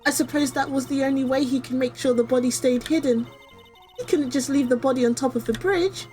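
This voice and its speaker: A woman voicing a timid young female witness in a game, reading her lines in a halting, shaken way. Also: high-pitched, a little mellow, faint music behind, voice pushed up, lightly acted. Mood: earnest.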